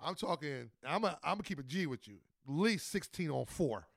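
A man talks quickly and eagerly, his voice sitting a little high for a man. He tells rowdy street stories full of cursing, recorded dry and close. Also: vocal fry, dry recording. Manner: animated, profane street storyteller. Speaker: podcast host. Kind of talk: casual podcast chat.

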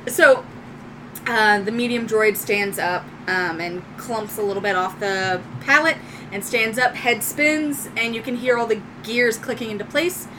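A woman's voice: on the high side, unhurried, background noise. A woman game master narrating a tabletop game in a loose, descriptive way with many fillers.

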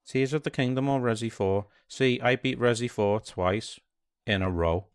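A man co-hosting a casual podcast, blunt and sweary, retelling things quickly. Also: mid-range voice, clear, resonant tone, dry recording, studio quality. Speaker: podcast co-host. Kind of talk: casual chat about video games.

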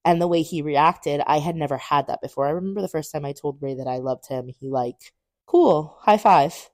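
Podcast co-host in her twenties with a low, dry voice. Candid storyteller who animates the dialogue she quotes. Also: brisk, dry recording. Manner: animated, acts out quoted dialogue with big pitch jumps; candid, swears casually. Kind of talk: personal storytelling.

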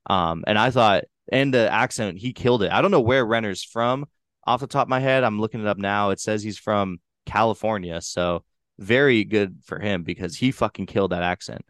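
A man's voice: fairly low pitch, moderate pace, a bit bright, dry recording, studio quality. A man with a New Hampshire accent, hosting a casual movie review podcast in a loose, rambling way with casual swearing. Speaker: podcast host.

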